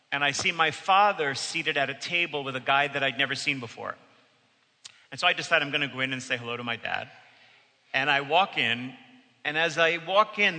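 A man's voice: mid-range voice, pushed and bright. A man from New delivering a sermon, telling a personal story in an earnest, storytelling manner. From United States. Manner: storytelling, earnest, quotes with raised voice. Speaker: preacher. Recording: long reverb of a large hall.

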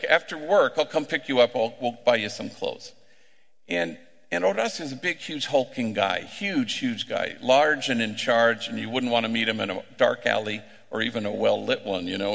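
A middle-aged man, a priest, preaching a sermon through unhurried, conversational stories, slipping in Spanish slang. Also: mid-range voice, creaky, pushed and bright. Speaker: priest working with gang members. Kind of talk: sermon with storytelling. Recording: echoey hall with long reverb.

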